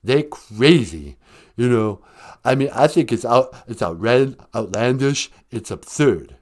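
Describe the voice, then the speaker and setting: A man's voice: mid-range voice, animated, measured pace, darkish tone. A man voicing a famous first lady in a comic impression, sassy and blustering, threatening to fight her critics. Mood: indignant.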